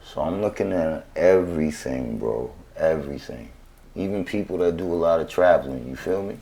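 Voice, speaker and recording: A man's voice: rumbling low, expressive, moderate pace, warm tone. A man tells his story as a guest in a casual interview. He talks in laid-back street slang and keeps checking in with "right?". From New York.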